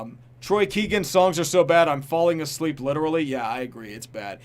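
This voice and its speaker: A man's voice: medium pitch, sing-song, a little fast, hardly any pauses, slight background noise. A man on a casual live stream, reading out viewer donations and reacting bluntly, laughing often and tripping over names. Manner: reads donor names and messages aloud, then reacts with blunt comments.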